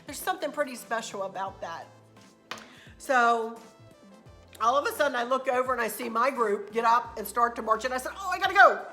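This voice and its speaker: A woman's voice: on the high side, moderate pace, sharp tone, faint music behind. A woman hosting a casual travel recap vlog, a chatty, rambling storyteller who gets emotional as she talks. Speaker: craft channel host.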